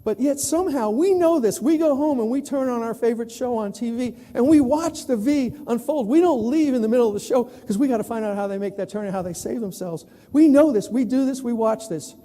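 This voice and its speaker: A man from New York giving an animated storytelling keynote at a conference, acting out the people he quotes. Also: very high-pitched, brisk, hardly any pauses. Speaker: plenary speaker. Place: large conference hall. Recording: long reverb of a large hall.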